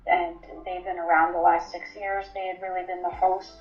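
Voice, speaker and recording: A woman's voice: fairly low pitch, level tone, normal speed, soft background music. A woman in her twenties telling her personal story in an interview, candid and matter-of-fact, with frequent ums. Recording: roomy, slightly dull recording.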